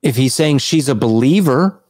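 A man hosting a casual online discussion over a video call, talking at length, restarting sentences and clearing his throat. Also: medium pitch, expressive, moderate pace, darkish tone, dry recording. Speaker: podcast host.

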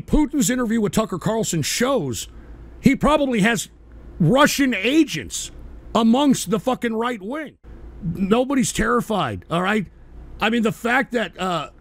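A man hosting a call-in stream, ranting angrily and profanely, shouting in bursts. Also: sits high. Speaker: radio show host.

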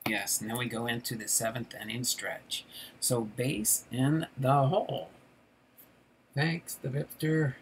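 Slow, chatty middle-aged man. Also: mid-range voice, slight background noise, rough recording. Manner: chatty, laughs at the jokes, loosely voices the strip characters. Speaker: card collector channel host. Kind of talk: casual livestream reading comic strips aloud.

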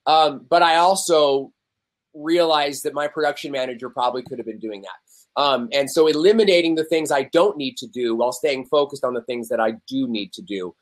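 A man's voice: medium pitch, moderate pace. A young adult man, a podcast guest, talking candidly and animatedly in casual conversation and acting out the voices he quotes.

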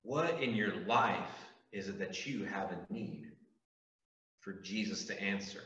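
A man's voice: on the low side, slow pace, a bit bright. A man preaching a youth group sermon as youth pastor, earnest and emphatic, with repeated calls to his listeners. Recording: echoey room, distant mic, dull sound.

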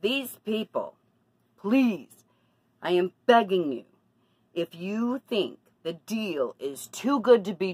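A woman's lowish, slightly rough voice comes through a low-quality recording without echo. As a vlogger addressing her camera casually, she shares confidences before getting indignant about bad deals.

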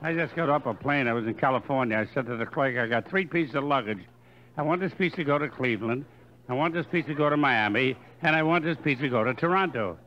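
An older man doing stand-up comedy on a hotel stage, firing off quick deadpan one-liners into a stage microphone. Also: mid-range voice, a little hiss or hum. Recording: dull live recording, faint room ambience.

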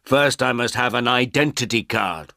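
A man's voice: mid-range voice, normal speed, vocal fry, pushed and bright, no echo, clean studio sound, pitched above the performer's own voice. A man voicing a poor old village man who is anxious and impatient, pleading in a raised voice.

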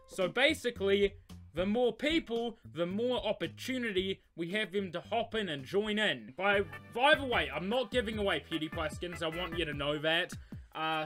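A young man giving excitable gameplay commentary, breaking into loud yells and squealing laughter. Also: high voice. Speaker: gaming YouTuber.

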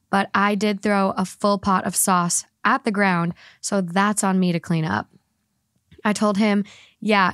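A woman podcast host reads a Reddit story aloud with lively energy, breaking into laughs and swearing freely. Her voice sits in a middle pitch. The sound is dry and close, with no room around it. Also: no echo. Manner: animated, laughs often, swears casually.

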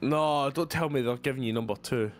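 A man's voice: medium pitch, brisk, soft background music. A man in casual gaming banter, teasing his friend and calling him bro. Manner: teasing, laughing, says "bro". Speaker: gaming guest.

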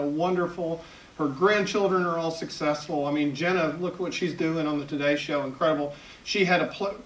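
A man in his fifties with a Southern US accent, an editorial cartoonist giving a chatty public talk, full of self-deprecating humor. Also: fairly high pitch. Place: event hall at a library. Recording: echoey hall, picked up from far off.

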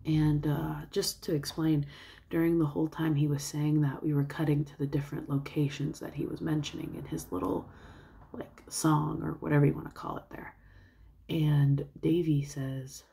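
A young woman casually retelling a film plot, rambling with fillers and soft asides. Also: low-pitched, flat delivery, normal speed, gravelly. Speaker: vlogger.

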